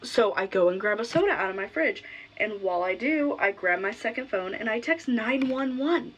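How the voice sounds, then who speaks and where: A woman's voice: a little high, expressive, moderate pace, fairly bright tone, slight background noise, poor audio. A young adult woman vlogger telling a personal story in a casual, blunt way, swearing freely.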